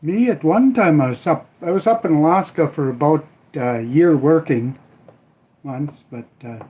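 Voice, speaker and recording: A man's voice: a little high, a little slow, muffled recording. Rambling older man from Minnesota. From Minnesota, USA. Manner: rambling, folksy, trailing off with "I don't know"; cooking while he talks. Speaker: livestream host. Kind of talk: casual live-stream chat.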